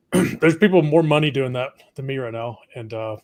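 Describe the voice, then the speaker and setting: A man's voice: mid-range voice, normal speed. A man co-hosting a live trading stream, chatting casually about the market, laughing often and trailing off mid-sentence.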